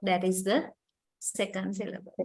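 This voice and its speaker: A woman's voice: mid-range voice, level tone, normal speed, vocal fry, a little mellow, low-quality recording. A woman giving a university lecture, explaining patiently, quizzing students and using many fillers.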